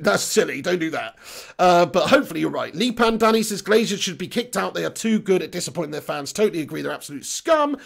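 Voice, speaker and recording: A young man hosting a football channel, reading viewer comments in a chatty, blunt way while his voice is going hoarse. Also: high voice, expressive, fairly quick. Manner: chatty, matey shout-outs, blunt opinions. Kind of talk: casual live-stream chat, reading viewer comments.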